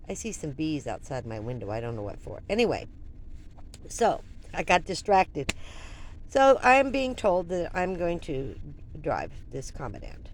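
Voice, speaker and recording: Lively older woman telling a story. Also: low-pitched, a little hiss or hum. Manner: animated, rambling with restarts and asides. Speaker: vlogger. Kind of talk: personal storytelling.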